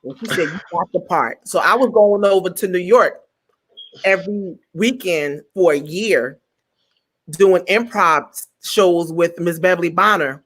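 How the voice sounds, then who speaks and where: A woman's voice: fairly low pitch, unhurried. A woman comedian from New Jersey telling a story in casual chat, acting out the voices of the people in it. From New Jersey, USA. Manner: animated, acts out quoted voices; stutters at times. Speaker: comedian guest.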